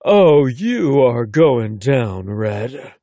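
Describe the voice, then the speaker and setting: A male narrator voicing a confident grown man who murmurs low and teasing in a romance audiobook. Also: sing-song, slow, a little mellow, slightly rough, no echo, exaggerated voice.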